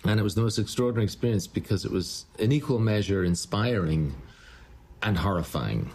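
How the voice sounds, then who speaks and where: A man, a musician, telling a story in an interview, halting and repeating words as he goes. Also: fairly low pitch, expressive, a little mellow, breathy edge. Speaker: musician guest.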